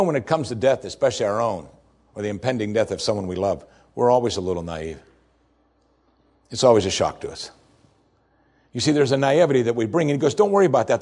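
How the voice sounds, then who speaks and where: Male pastor, husky timbre, expressive sermon delivery with wide swings in emphasis. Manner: expressive, swings from raised emphasis to soft low tones.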